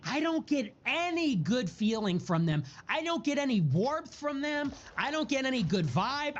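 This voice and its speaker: A man giving a heated political monologue, repeating and stacking words in a building rhythm, with profane outbursts. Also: high voice. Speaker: political streamer. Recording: dull lo-fi audio.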